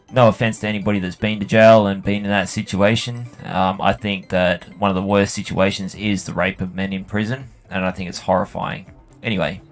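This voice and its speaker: A man telling a long, profane story about work while he plays a game. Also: low-pitched. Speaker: gaming channel host. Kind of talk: rambling anecdote while playing a game.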